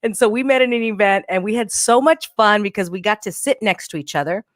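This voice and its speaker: A chatty woman hosts a live podcast interview, bubbly and full of playful slang. Her voice sits at a middle pitch and is recorded dry and close, with little room sound. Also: a little fast, dry recording. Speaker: podcast host.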